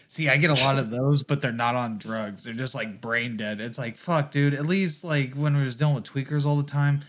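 A man's voice: mid-range voice, normal speed, fairly bright tone. A man co-hosting a podcast, ranting profanely in casual chat and laughing often. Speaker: podcast co-host.

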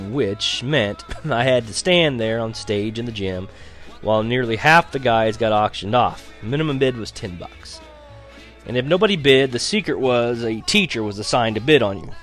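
A man's voice: mid-range voice, fairly bright tone. A man narrating a teen story as an audiobook, in a wry, sarcastic tone that breaks into laughs.

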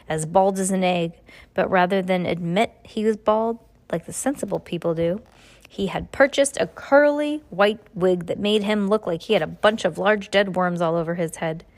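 A woman reading a children's book aloud in a casual way, stumbling on hard words and correcting herself. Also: mid-range voice. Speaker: reader.

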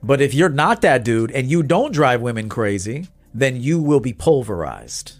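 A man's voice: medium pitch, very animated, moderate pace, soft background music. A man, a dating coach talking bluntly and with swagger to viewers on a livestream.

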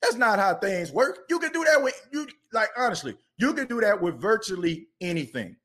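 A man's voice: high-pitched, big pitch swings, a little fast, pushed and bright. A man hosting a sports podcast, ranting with passion and repeating himself. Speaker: podcast host. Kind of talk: fired-up sports podcast rant.

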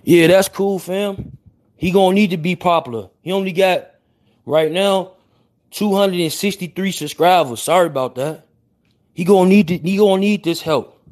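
A young Chicago man, speaking with a Chicago accent, hosts a livestream and chats casually with viewers in brash street slang while apologizing over and over. His voice is high-pitched and a little mellow.

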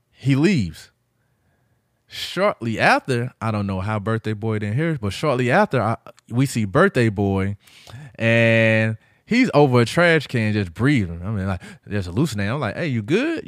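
Man, podcast host, lowish voice, casual storytelling, dry close mic. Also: a little slow, no echo. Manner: animated retelling, acts out quoted voices.

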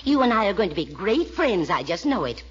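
An actress in 1940s radio style plays a fussy older mother who gushes and is sweetly condescending, talking down to everyone in drawn-out phrases. Her mid-range voice is husky, with big pitch swings. The old radio recording sounds dull.

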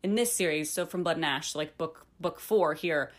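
A woman co-hosting a book podcast, chatting casually and excitably with lots of filler words. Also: sits low, moderate pace, a little hiss or hum. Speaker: podcast co-host. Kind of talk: casual chat. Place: home at night.

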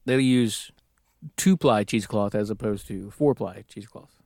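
A man's voice: lowish voice, moderate pace, gravelly, a little mellow, no room sound, clean studio sound. A man co-hosting a casual podcast chat, joking around, playing with words and laughing often. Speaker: podcast co-host.

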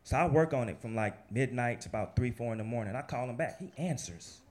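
A man telling a personal story in a lively, casual, profane way, laughing and acting out the lines of other people. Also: mid-range voice, a little fast.

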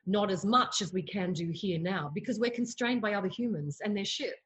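A woman's voice: medium pitch, fairly quick, poor audio. A woman, a medium telling candid, funny stories in a casual chat. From Australia. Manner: candid, storytelling, acts out voices in her anecdotes. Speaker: medium, guest.

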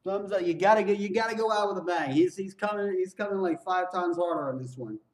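A man hosting a music reaction, excitedly repeating lyrics back and exclaiming. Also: high voice, fast talker, reverberant, recorded from a distance. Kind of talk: casual reaction commentary.

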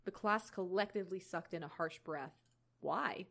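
A woman's voice: fairly low pitch, moderate pace, creaky, a bit bright. Young woman reading a story aloud, chatty. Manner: chatty, giggly, stumbles over words. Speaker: reader narrating a fan story. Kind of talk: casual read-aloud narration.

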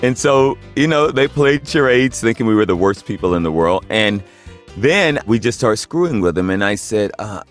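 A man telling a casual anecdote in a low-key, deadpan way. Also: normal speed, dry recording, studio quality, faint music behind. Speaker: actor telling a story.

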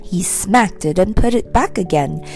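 A woman narrating a children's storybook in an expressive, animated reading. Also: mid-range voice, a little slow, gravelly, faint music behind. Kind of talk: scripted narration.

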